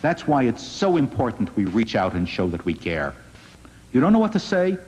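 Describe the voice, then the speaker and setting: A man, a rabbi, giving an inspirational public talk in an earnest, gently wry storytelling manner. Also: mid-range voice, huge pitch swings, moderate pace, husky. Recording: dull lo-fi recording in a reverberant hall.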